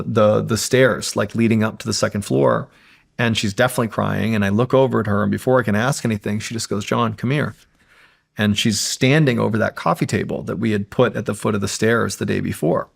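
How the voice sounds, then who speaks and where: A man's voice: lowish voice, creaky. A man, a podcast guest, telling a suspenseful true story in casual conversation, building tension and often saying "like".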